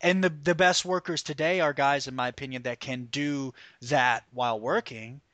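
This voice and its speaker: A man hosting a podcast, ranting in a profane, animated, opinionated way. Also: medium pitch, moderate pace, no echo. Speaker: podcast host. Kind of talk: casual podcast rant about wrestling.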